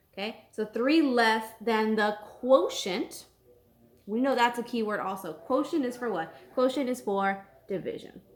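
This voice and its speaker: Woman teacher, patient, slow repeated steps, mid-pitched voice, math lesson. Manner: patient, repeats each step slowly.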